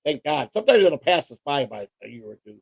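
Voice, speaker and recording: Brief: male co-host, rambling and boastful, gravelly voice with a dry sound. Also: fairly high pitch, very animated, fast, no room sound. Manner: rambling, boastful, repeats words. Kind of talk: casual livestream chat.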